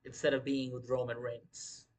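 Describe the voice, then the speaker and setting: A man riffing on a wrestling show in a loose livestream, swearing freely and hammering the same point again and again. His pitch sits in an ordinary middle range for a man. The delivery is unscripted and emphatic. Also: level tone, moderate pace. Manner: profane, emphatic, repeats himself. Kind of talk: casual livestream commentary.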